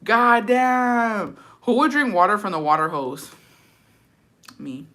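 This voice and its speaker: A woman vlogger with a bright, ringing tone, reading out viewer comments and reacting to each one. She talks in a blunt, slangy way, swearing freely as she tells animated stories. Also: medium pitch, slow pace, a little hiss or hum. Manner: animated storytelling.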